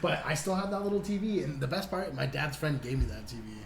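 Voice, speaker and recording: A man's voice: on the high side, quick pace, creaky. A young man co-hosting a podcast in a laid-back, swear-filled way, always calling people dude and dog. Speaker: podcast co-host. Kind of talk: casual chat. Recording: echoey room with faint noise.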